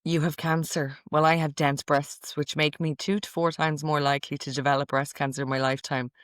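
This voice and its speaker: A woman's voice: sits low, level tone, brisk, fairly bright tone, clear, resonant tone, no echo, studio quality. A middle-aged woman hosting a casual podcast, reading out quotes from a list in a chatty, amused way. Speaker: podcast host.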